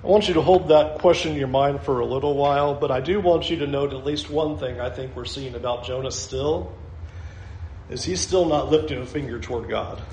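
A man's voice: medium pitch, a little fast, darkish tone, reverberant, slight background noise, low-quality recording. A man preaching a sermon as pastor, emphatic, repeating phrases and asking the listeners questions.

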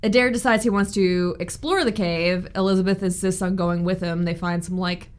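A woman's voice: fairly low pitch, fairly even intonation, moderate pace, clear, resonant tone. A woman co-hosting a casual book podcast, recapping chapters with blunt, frank opinions. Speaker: podcast co-host. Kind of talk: casual book-club chat.

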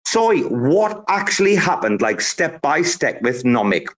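A man's voice: on the high side, sing-song, a little slow. A man hosting a casual live audio chat, boisterous, laughing often and swearing freely. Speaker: host.

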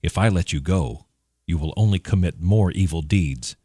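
A man's voice: deep voice, moderate pace, warm tone, husky, no echo, clean studio sound. A man voicing a stern, wary crab fisherman who speaks curtly in a storybook reading.

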